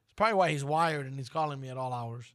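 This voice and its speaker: A man's voice: mid-range voice, fast, a bit bright. A man hosting a radio show, chatting in a playful, teasing way. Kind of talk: casual radio banter.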